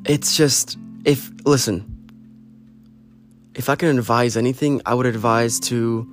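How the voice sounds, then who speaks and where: An earnest man talks straight to the camera in a rambling, heartfelt monologue. His voice sits at an ordinary middle pitch and he pleads gently. Faint guitar music plays behind him. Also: steady tone, unhurried.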